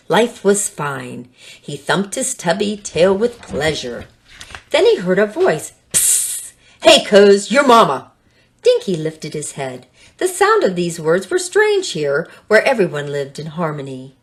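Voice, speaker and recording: A woman reading a children's picture book aloud in an expressive storytelling manner. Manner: expressive storytelling with lively pitch. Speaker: storybook reader.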